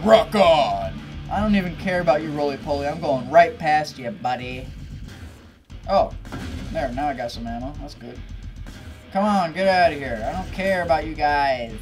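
A let's play gamer giving excitable commentary, often yelping, laughing and swearing at the game. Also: medium pitch, unhurried. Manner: excitable, yelps and shrieks at the game. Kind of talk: gameplay commentary. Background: game music.

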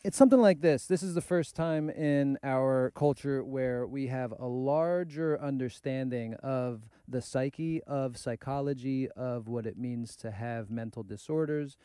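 Mellow, thoughtful East Coast young man. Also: medium pitch, unhurried, hardly any pauses, clear, resonant tone, no room sound, studio quality. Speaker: podcast co-host. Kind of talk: casual chat.

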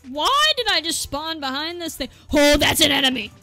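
Excitable high-voiced woman gaming. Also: normal speed. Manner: excitable, exclaiming and apologizing a lot; self-deprecating joking. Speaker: gaming video creator. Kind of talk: live gameplay commentary. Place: at home, seated at a gaming desk. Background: game music and gunfire.

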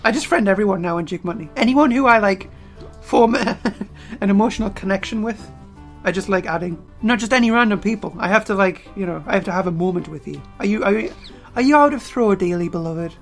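A woman giving excitable gameplay commentary as a let's player, full of sudden exclamations. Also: medium pitch, fairly quick, soft background music. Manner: excitable, frequent startled exclamations.

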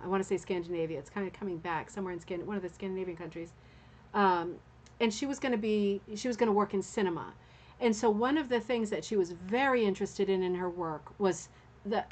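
A woman hosting a casual live stream, musing aloud about artworks and answering viewer comments as she thinks. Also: medium pitch. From Canada. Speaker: host of a rug hooking club show.

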